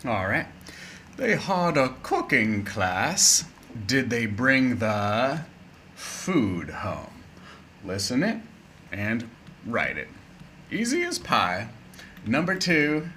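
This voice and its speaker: A man teaching an English lesson, playful and chatty, with a bright, forceful voice. He speaks slowly and deliberately. A faint hiss of background noise sits under the voice. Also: mid-range voice, wildly swooping pitch. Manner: playful, chatty, with spoken asides. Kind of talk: casual video lesson.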